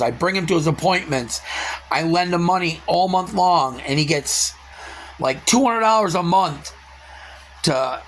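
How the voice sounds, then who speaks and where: A man venting in a casual vlog, telling stories with loud quoted outbursts and swearing. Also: sits high, slight background noise. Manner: animated storytelling with loud quoted outbursts and profanity. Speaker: car reseller vlogger.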